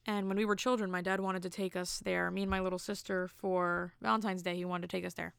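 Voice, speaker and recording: Young female podcast host, casual solo storyteller, gravelly fry, dry close mic, rambling and self-amused. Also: lowish voice, flat delivery, fast talker, fairly bright tone, dry recording.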